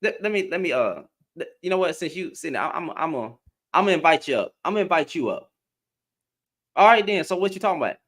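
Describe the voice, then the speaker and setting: Heated, high-voiced man ranting on a livestream. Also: animated, fast, a bit bright. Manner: heated, emphatic, repeats and restarts. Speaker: livestream host.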